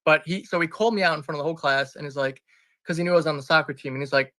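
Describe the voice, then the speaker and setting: A fairly high-pitched man with a forceful, bright tone tells a personal story as an interview guest. He sounds earnest and rambles, doubling back to restart and correct himself. The voice is close and dry. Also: very fast, dry recording. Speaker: interview guest, business founder. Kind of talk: candid personal storytelling in conversation.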